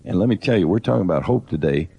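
A man's voice: sits low, lively intonation, racing, creaky, mellow, slightly rough, no echo. A middle-aged man co-hosting a Bible teaching program, preaching earnestly and directly in a conversational way.

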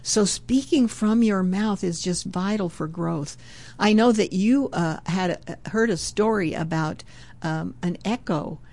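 An older woman talking about faith with her daughter, earnest and measured, quoting verses. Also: mid-range voice, a little mellow. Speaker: mother in a devotional chat. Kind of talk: faith talk, quoting scripture.

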